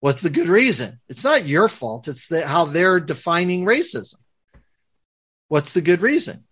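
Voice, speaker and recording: A man's voice: a little high, unhurried, slightly rough. A man working as a conflict coach, explaining a communication method to a guest and acting out quoted lines as he goes. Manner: animated teacher, acts out quoted lines.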